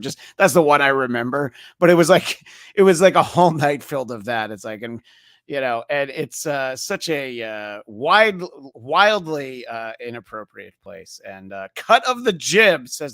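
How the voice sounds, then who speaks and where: A man's voice: medium pitch, lively intonation, normal speed, vocal fry, fairly bright tone, no echo, clean studio sound. A man hosting a podcast, chatting casually and rambling with lots of fillers and restarts. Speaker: podcast host. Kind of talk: casual chat.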